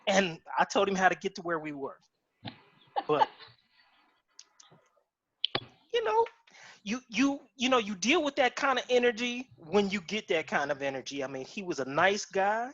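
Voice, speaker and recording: Animated man telling stories, lo-fi. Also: high-pitched, normal speed, long pauses. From Cincinnati, Ohio. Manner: animated storyteller who acts out voices in his anecdotes. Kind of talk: casual chat. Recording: dull lo-fi stream audio.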